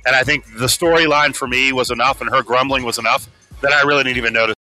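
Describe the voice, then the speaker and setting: A man hosting sports talk radio, quick and questioning. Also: medium pitch, fairly even intonation, bright, forceful tone, faint music behind. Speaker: radio host. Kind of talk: casual sports radio chat.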